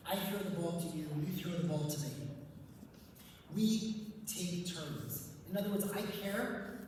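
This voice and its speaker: A man, a rabbi, giving a conference talk to a live audience and telling a story with gentle humor. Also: sits high, measured pace, noisy background. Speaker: rabbi and speaker on couples. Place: large event hall. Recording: echoey hall, distant mic.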